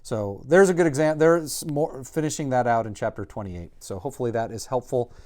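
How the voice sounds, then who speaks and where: A man teaching a Greek workbook lesson in a casual, halting way, with many ums and self-corrections. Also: medium pitch, a little mellow.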